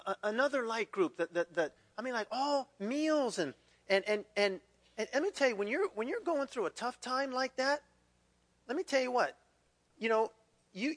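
A male pastor preaching a sermon in a conversational, animated way, with frequent restarts and repeated words. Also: sits high.

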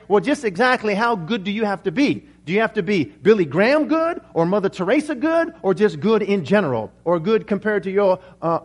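High-voiced earnest male pastor. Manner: earnest, prayerful, with frequent restarts. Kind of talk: sermon.

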